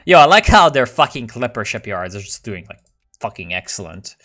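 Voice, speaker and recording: Man, gamer, casual play commentary, joking, swearing, excitable rambling, mid-range voice. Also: medium pitch, fairly quick. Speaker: video game player.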